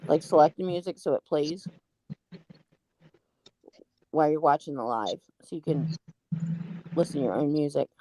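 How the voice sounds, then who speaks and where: A woman's voice: sits low, moderate pace, long pauses, warm tone. A woman co-hosting a livestream, giving matter-of-fact advice in casual chat.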